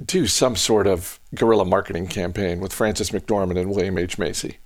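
A man's voice: sits low, fairly even intonation, normal speed, no room sound, clean studio sound. A man hosting a casual podcast chat, musing aloud with lots of hesitant restarts. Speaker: podcast host.

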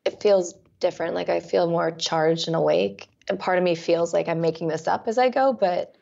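A woman as a therapy client, speaking in halting, raw, emotional bursts. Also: on the low side, creaky, darkish tone, lo-fi sound.

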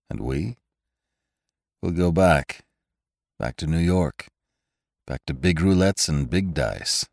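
A man's voice: a bass voice, creaky, dry recording, clean studio sound, heavily acted. A man voicing a weary, irritable male space traveler who snaps when pushed. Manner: tired and short-tempered, shouting in a crisis.

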